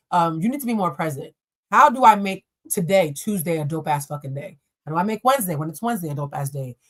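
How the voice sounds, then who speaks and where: A young adult woman hosting a live tarot reading, answering chat questions in a blunt, profane and playful way. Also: lowish voice. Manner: blunt, profane and playful, addressing viewers as y'all. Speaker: tarot reader and live stream host.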